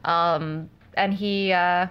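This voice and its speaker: A woman co-hosting a podcast, telling stories in a relaxed, laughing way. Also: fairly low pitch, drawn-out words, clear, resonant tone, lo-fi sound. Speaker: podcast co-host. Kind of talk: casual chat.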